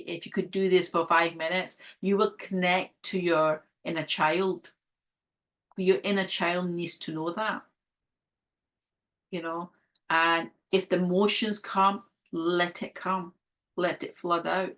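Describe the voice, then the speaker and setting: A woman speaking as an interview guest, a holistic health practitioner, talking in an earnest, gentle, encouraging way with frequent fillers. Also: fairly low pitch. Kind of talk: conversational interview.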